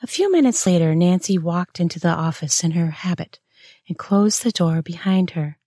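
A woman narrating a read-aloud erotic story in a measured, unhurried way. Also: fairly low pitch, lively intonation, warm tone, dry recording, clean studio sound.

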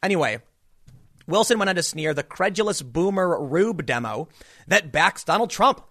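A man's voice: on the high side, expressive, moderate pace, fairly bright tone. A man giving a sarcastic, mocking political commentary monologue.

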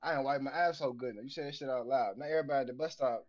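A man's voice: mid-range voice, very fast, darkish tone, dull audio. A man co-hosting a podcast, telling long rambling stories full of slang, profanity and fillers in casual banter. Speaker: podcast co-host.

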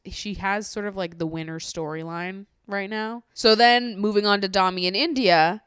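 A young woman vlogging a reality-show recap in casual chat, blunt and exasperated, swearing freely and talking in fast bursts. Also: medium pitch, clean tone, dry recording, clean studio sound.

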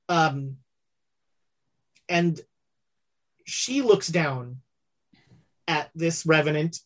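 A game master narrating a tabletop horror game with many halting fillers. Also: mid-range voice, slightly rough.

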